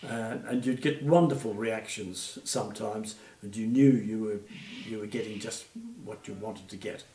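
An Australian man in his eighties, a retired puppeteer, telling gentle stories in an interview with many fillers. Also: on the low side, fairly even intonation, moderate pace, far from the mic, slight background noise. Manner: gentle anecdotal storytelling, frequent fillers. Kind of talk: reminiscing interview. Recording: echoey room, off-mic.

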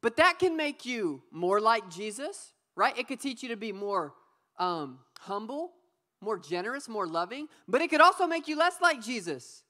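A young adult woman giving a youth sermon, playful and lively, calling on the audience to repeat words back. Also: a little high, normal speed. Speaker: youth pastor. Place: church youth service.

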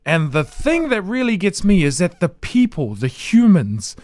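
Animated male interviewer. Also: sits high, measured pace, no room sound. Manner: animated, playful. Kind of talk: casual interview chat.

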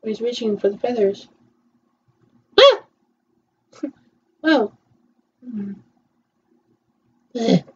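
A woman with a high, bouncy voice talks unhurriedly through a film, chatting and murmuring little agreements as it plays. Her voice swings widely in pitch. The recording sounds slightly dull and lo-fi. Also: lively intonation, very slow, long pauses, breathy edge. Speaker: viewer reacting to a film. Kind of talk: casual watch-along commentary.

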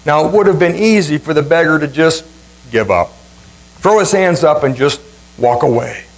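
Pastor guy giving a sermon, kinda high voice, dramatic repeats and big pitch swings. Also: expressive, normal speed, low-quality recording. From Ohio, USA. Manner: emphatic preaching with dramatic repetition and wide swings in pitch.

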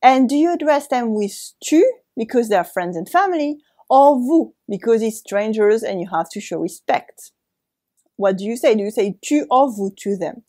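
A woman with a French accent teaching a language lesson, speaking slowly and carefully and repeating words for practice. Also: a little high, lively intonation, warm tone.

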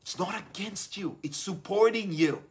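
Male live-stream host, young adult, slightly high voice, gushing and upbeat with lots of repeated words. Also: moderate pace. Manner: enthusiastic, effusive, repeats words. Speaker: live stream host reading viewer comments. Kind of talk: casual live stream talk.

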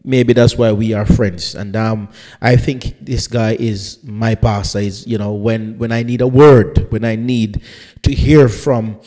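A man with a dark, mellow voice hosts a live radio talk show, chatting and teasing his guest as he rambles through asides. His voice carries a long, ringing reverb. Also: on the low side, steady tone, a little slow. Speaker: pastor and radio show host.

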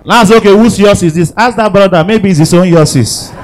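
A Nigerian Pidgin-accented man doing stand-up on stage, his voice sitting high for a man. He mutters asides low, then jumps into squealing impressions. A faint hum runs under the stage mic. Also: fast talker, rough recording. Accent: Nigerian Pidgin English. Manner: switches between low mutter and shrill mock-female squeals. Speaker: stand-up comedian. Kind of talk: stand-up comedy set. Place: stage with live audience.

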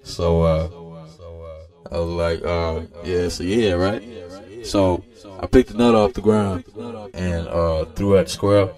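A man telling an absurd comic story in a laid-back, profane, rambling deadpan way. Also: low voice, measured pace, long pauses.

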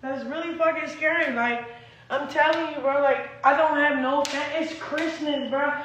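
A woman's voice: high-pitched, steady tone, normal speed, fairly bright tone, echoey room, a little hiss or hum, rough recording. A young woman in a rambling, agitated and profane livestream rant, recorded on a phone.

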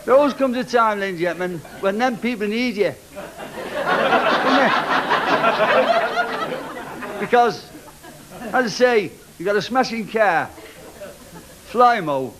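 Slow-drawling male stand-up comedian. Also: high-pitched, animated. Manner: slow, rambling storytelling to a laughing audience. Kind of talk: stand-up routine. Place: club stage with a live audience. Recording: archival live recording with loud crowd and hiss.

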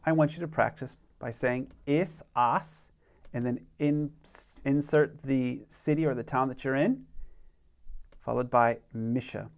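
A man with a gravelly, medium-pitched voice leads an online beginner language lesson. He speaks slowly and patiently, modeling phrases for learners to repeat.

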